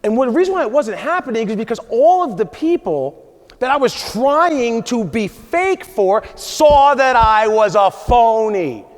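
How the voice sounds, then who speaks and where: High-voiced man giving a keynote. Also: very animated, normal speed. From USA. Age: 40s. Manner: emphatic, repeats "right?" to the audience. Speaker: conference speaker. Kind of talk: motivational keynote talk. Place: large conference hall. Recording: long hall reverb.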